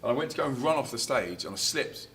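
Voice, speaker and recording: A man's voice: medium pitch, lively intonation, quick pace, fairly bright tone. A man chats casually as an interview guest, spinning stories from the road. He laughs easily and acts out quotes at full volume. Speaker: touring Christian musician, interview guest. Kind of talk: casual anecdotal storytelling.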